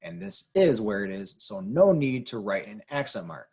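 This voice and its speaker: Lowish, husky and creaky, this man's darkish voice swings widely in pitch at a moderate pace. He walks through Spanish grammar like a classroom teacher, patiently going over the main rules again and again with occasional filler words such as "um".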